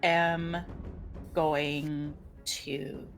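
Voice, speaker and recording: A woman with a low-pitched, level voice and vocal fry speaks extremely slowly as she plays a casual tabletop role-playing game. She chattily describes her character's actions, using many fillers, while faint music plays in the background.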